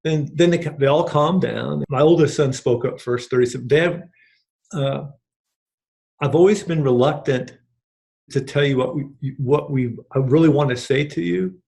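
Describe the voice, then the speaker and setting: A man's voice: medium pitch, creaky, darkish tone. A middle-aged man gives an earnest, rambling personal testimonial, acting out quoted conversations along the way. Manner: earnest and rambling, with many restarts and acted-out quotes. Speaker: program participant giving a testimonial.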